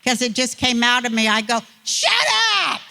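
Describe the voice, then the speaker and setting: A woman's voice: on the high side, flat delivery, brisk, bright, forceful tone. An older woman, a guest on an interview show, telling a rambling, folksy, self-mocking story.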